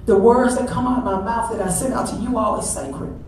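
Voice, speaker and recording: The voice is a woman's, fairly high and a little mellow, moving briskly. She's a middle-aged pastor's wife preaching for Mother's Day, emphatic and conversational, repeating herself a lot. The sound is echoey, recorded by a distant mic in a large church sanctuary.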